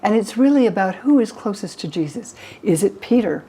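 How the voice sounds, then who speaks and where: A woman's voice: mid-range voice, a little fast, a little hiss or hum, rough recording. A woman in her eighties from the United States, a historian of religion, telling stories animatedly in a documentary interview. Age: 80s. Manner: animated storyteller, acts out quotes.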